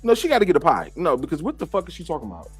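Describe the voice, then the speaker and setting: A man hosting casual celebrity gossip commentary, sassy and profane, jumping to sudden high exclamations. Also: huge pitch swings, rapid-fire, husky, soft background music.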